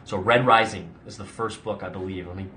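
A young adult man, an actor running a live Q&A stream, answers viewer questions in a chatty ramble full of "like" and restarts. His low-pitched voice is steady, fairly quick, pushed and bright, with slight background noise.

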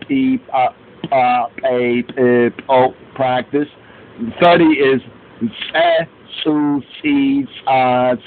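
A man teaching an alphabet, chanting each row of syllables and adding short explanations. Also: mid-range voice. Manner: slow, chanting drills of syllables with asides. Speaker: language teacher. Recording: tinny lo-fi phone-like recording with faint hiss.

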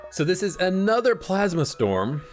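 A man's voice: high voice, very animated, moderate pace, soft background music. A man giving casual let's play commentary, thinking aloud as he plays a strategy game at his desk mic. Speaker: gameplay commentator.

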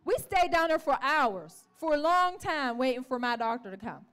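A woman with a strikingly high voice preaches a testimony in church. She tells her story with animation, slipping into the voices of the people in it and calling out to the congregation. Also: animated, moderate pace, fairly bright tone. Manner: calls out to the congregation. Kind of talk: sermon testimony.

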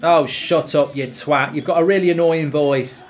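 A man giving excitable, sweary live commentary while he plays a football video game. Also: fairly high pitch, normal speed. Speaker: gaming streamer.

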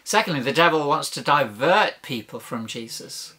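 Bright, emphatic male preacher. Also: on the high side, animated, normal speed, slightly rough. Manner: emphatic, rhetorical questions and lists. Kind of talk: sermon.

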